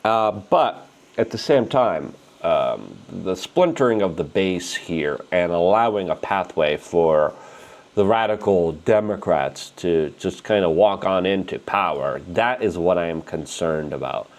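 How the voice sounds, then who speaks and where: A man hosting a political commentary show, animated and indignant, talking with strong emphasis. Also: low voice, measured pace. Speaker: host.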